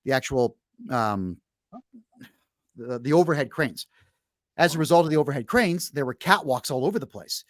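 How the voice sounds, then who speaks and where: A man's voice: mid-range voice, lively intonation, moderate pace, pauses often, no echo, clean studio sound. A brash middle-aged man hosting a podcast, telling a long story bluntly in casual chat. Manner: frequent restarts and fillers while telling a story. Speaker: podcast host.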